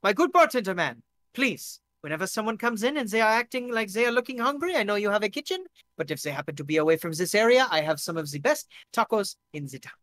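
A game master voicing a clumsy, overeager man in a loud disco suit who stammers, speaks very formally and slips in German and French words. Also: mid-range voice, steady tone, fairly quick, few pauses, dry recording, lightly acted. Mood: chatty. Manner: stammering, overly formal and polite.

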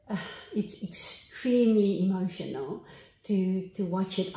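A woman's voice: mid-range voice, warm tone. Reverent woman pastor in an echoey room. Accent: South African. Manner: unhurried, reverent reading with pauses and restarts. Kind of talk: sermon reading scripture.

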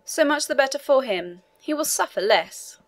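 A man's voice: extremely high pitch, animated, moderate pace, voice pushed up. A woman reading the part of a tired, faintly condescending man, a prison inspector, in an audiobook. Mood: curious, raised.

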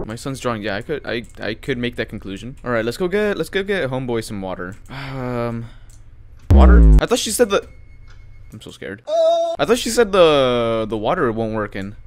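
A man's voice: mid-range voice, big pitch swings, a little fast. A man doing let's play commentary on a horror game, jumpy and easily spooked, swearing as he goes. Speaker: gaming YouTuber.

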